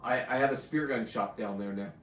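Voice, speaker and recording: A man's voice: medium pitch, brisk, a bit bright, slight background noise. A man hosting a casual live stream, chatty and rambling, with restarts and friendly asides. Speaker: livestream host, spearfisher and taxidermist. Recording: roomy room, mic at a distance.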